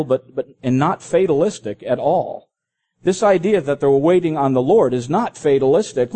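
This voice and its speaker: A middle-aged man, a pastor, preaching an earnest sermon and slowing down when he quotes scripture. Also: fairly high pitch, mellow.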